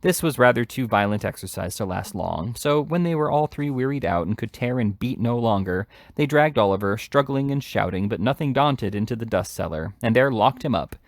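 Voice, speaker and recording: A man reading a classic novel aloud in steady, measured narration. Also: medium pitch, dry recording, studio quality. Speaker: hobby reader.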